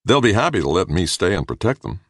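A man's voice: low-pitched, big pitch swings, quick pace, dry recording, studio quality, pitched above the performer's own voice, heavily acted. A man reading aloud voices a weary, troubled man in an audiobook, speaking in earnest.

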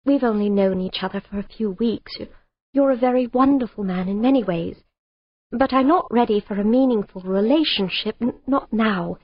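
A woman's voice: mid-range voice, normal speed, no room sound, close to an everyday voice. A woman reading an audiobook, voicing a distressed young woman who pleads and breaks off mid-sentence, on a dull, dry recording. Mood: tearful.

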